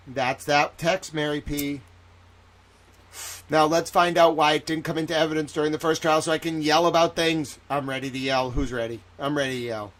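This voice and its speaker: Male livestream commentator with a slightly high voice: excitable, rambling, jokey, swears freely. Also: normal speed.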